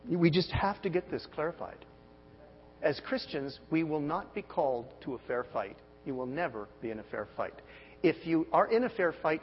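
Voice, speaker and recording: A man in his forties preaching a sermon, emphatic, with big swings in pitch and loudness and many rhetorical questions. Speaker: pastor. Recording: dull sermon audio with long hall reverb and faint hum.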